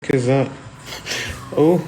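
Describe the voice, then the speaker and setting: A man's voice: mid-range voice, slow pace, mellow, slight background noise. A man chatting casually on a live stream from home, rambling and self-deprecating as he answers viewers' comments into his phone. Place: indoors at home.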